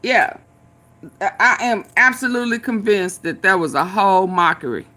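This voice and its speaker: A woman's voice: mid-range voice, animated, moderate pace, sharp tone. A woman hosting her channel, chatting casually in a laughing, drawling way as she reacts to a clip.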